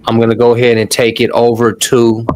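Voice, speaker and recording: A man's voice: medium pitch, monotone, fairly quick, darkish tone. A man hosting a casual live-stream tutorial, talking loosely to his audience, swearing now and then and calling them "y'all". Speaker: online course host.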